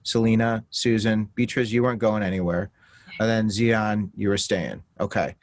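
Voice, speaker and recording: A man's voice: lowish voice, steady tone, moderate pace, dry recording. A man hosting an interview with students, asking questions with frequent restarts. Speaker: host. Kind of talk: interview conversation.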